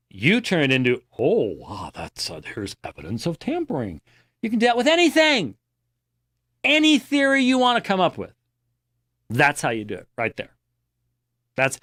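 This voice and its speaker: A middle-aged man giving critical commentary with a lively, swooping pitch that jumps high for emphasis. He reads quotes aloud and knocks them down with a scornful, emphatic delivery. His voice sits slightly high for a man, and the sound is dry and close. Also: dry recording. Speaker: host reviewing an article.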